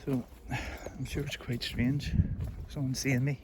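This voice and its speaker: Slow-talking Derry man on a rural walk. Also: medium pitch, little pitch movement. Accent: Northern Irish, Derry. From Northern Ireland. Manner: chatty, meandering, self-deprecating. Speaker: vlogger. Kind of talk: rambling walk-and-talk chat. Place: outdoors on a rural hill walk. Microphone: phone on a selfie stick. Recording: phone mic with clear outdoor background noise. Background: birds and outdoor noise.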